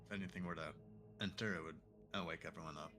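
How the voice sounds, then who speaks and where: A man's voice: deep voice, fairly even intonation, fast, music in the background. A man playing a tabletop game, explaining his character's actions in a matter-of-fact way. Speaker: player. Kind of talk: casual tabletop game play.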